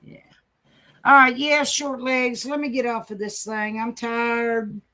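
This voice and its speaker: A woman's voice: a little high, level tone, takes it slowly, sharp tone. A woman hosting a casual livestream from home, folksy and affectionate as she talks to her chat and her dogs. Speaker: livestream host.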